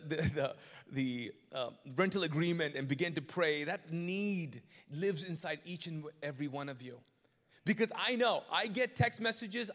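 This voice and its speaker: Man preaching live, high voice, animated and joking, acts out voices, long church hall reverb. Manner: animated, joking, frequent restarts, acts out congregants' lines. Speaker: pastor. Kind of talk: live sermon. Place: large church auditorium.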